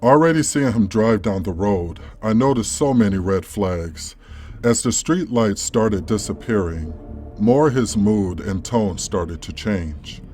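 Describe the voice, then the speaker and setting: Brief: male narrator, lowish voice, calm measured reading over faint music. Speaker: story narrator. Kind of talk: scripted narration of a horror story. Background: faint background music.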